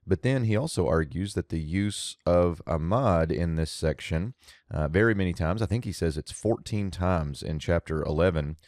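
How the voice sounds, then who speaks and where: Deep-voiced man teaching Hebrew grammar. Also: moderate pace, a little mellow, no echo, clean studio sound. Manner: explanatory, methodical, thinking aloud with fillers. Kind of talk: verse-by-verse grammar lesson.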